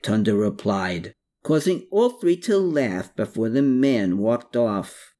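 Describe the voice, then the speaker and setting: A narrator reading a novel aloud with an expressive, animated delivery. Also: mid-range voice, slow pace, few pauses. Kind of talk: scripted audiobook narration.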